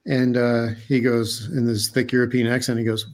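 A man talks as an interview guest, earnest and halting, stopping to restart his sentences. His voice sits in an ordinary middle pitch. He sounds like he is calling in from home. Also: level tone. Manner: earnest storyteller, many restarts and fillers. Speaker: guest, underwater diver and cameraman. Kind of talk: casual interview talk.

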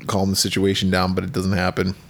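A man's voice: low voice, monotone, quick pace. A middle-aged man co-hosting a podcast, retelling a film's plot in casual, crude, joking chat. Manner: retells plot with crude humor and frequent laughs. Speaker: podcast co-host. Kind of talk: casual movie-recap chat.

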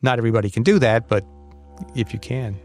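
A man's voice: mid-range voice, fast, a little mellow, faint music behind. A man speaking as a podcast guest in a thoughtful, hesitant way with many fillers. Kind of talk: casual chat.

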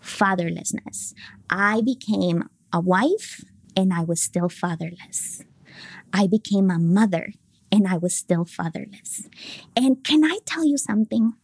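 A woman in her thirties, a podcast guest, telling a personal faith story in an earnest, emotional way, sometimes dropping to a soft whisper. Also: mid-range voice, lively intonation, unhurried, husky, dry recording.

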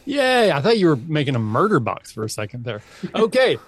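A man hosting a podcast, chatting casually through improv games with animated, high exclamations. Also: fast talker, slightly rough. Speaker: podcast host. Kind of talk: casual improv game chat.

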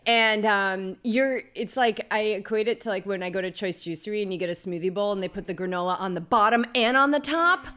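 A woman's voice: mid-range voice, brisk, few pauses, bright, forceful tone, smooth. Woman, podcast host, enthusiastic, gushing, laughs often, casual chat.

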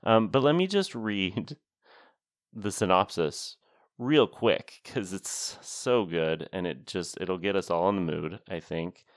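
A man with a very low voice and a dry, teasing wit chats casually as a podcast co-host. His tone has a gravelly edge, and the recording is close and dry with no room sound. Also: lively intonation, slow, no echo. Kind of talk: casual chat about a film.

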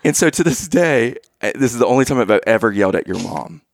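A man in relaxed conversation, telling a story with lively acted-out lines and sudden loud bursts. His voice is mid-pitched, and the sound is dry and close. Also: fast talker, no echo. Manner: animated, acts out his own past lines with loud outbursts. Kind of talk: casual storytelling chat.

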